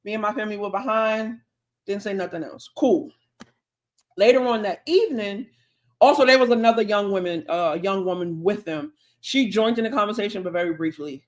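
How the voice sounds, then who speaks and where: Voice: medium pitch, expressive. Podcast co-host, casual storyteller, chatty, mid-range voice. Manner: chatty, drawn-out anecdote with quoted dialogue.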